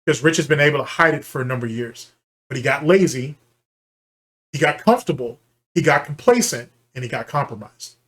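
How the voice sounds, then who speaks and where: A man's voice: mid-range voice, animated, a little fast, fairly bright tone. A man hosting a commentary channel, ranting in a heated, profane and scornful way while reacting to a clip.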